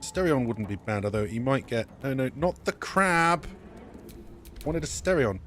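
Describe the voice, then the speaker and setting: A man talks through his game in a casual, rambling way, often stopping to correct himself. His mid-range voice swings widely in pitch. A faint hum of noise sits behind him. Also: animated, unhurried, a bit bright. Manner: thinks aloud, self-correcting, rambling. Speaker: let's play streamer. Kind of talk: casual gameplay commentary.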